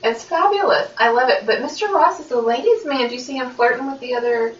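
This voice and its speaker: A woman's voice: high-pitched, lively intonation, quick pace, lo-fi sound. A woman co-hosting a podcast, chatting in an easygoing way and laughing often. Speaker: podcast co-host. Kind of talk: casual chat. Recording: echoey, distant room mic with faint noise.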